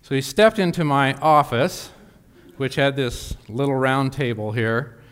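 A man's voice: mid-range voice, measured pace, fairly bright tone, clear, resonant tone. A man preaching a sermon, telling a personal story with emphatic asides to the congregation. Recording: long hall reverb.

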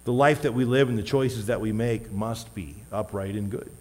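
A man's voice: on the low side, normal speed. Emphatic male pastor in a reverberant hall. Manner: emphatic, shifts between loud stresses and quiet asides. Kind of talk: sermon. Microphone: wearing a microphone.

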